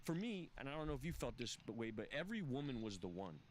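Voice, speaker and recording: A man's voice: medium pitch, very animated, quick pace, slight background noise. A man speaking as a podcast guest, telling his recovery story candidly in a profane, emphatic way with frequent restarts. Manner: profane, emphatic, restless phrasing with repeated restarts.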